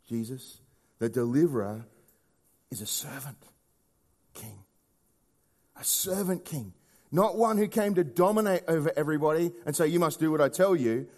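A man preaching a sermon in a conversational way, often asking rhetorical questions and swinging between hushed low lines and raised emphatic ones.

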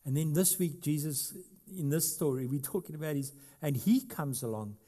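A middle-aged pastor delivers a sermon, alternating loud, emphatic passages with quiet asides while questioning the congregation and slipping in light humor. His voice is a little high, at a moderate pace.

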